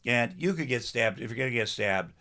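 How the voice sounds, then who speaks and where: A man's voice: mid-range voice, animated, a little fast, sharp tone. An older man, a podcast guest, telling rambling self-deprecating stories with salty language in casual comedic chat.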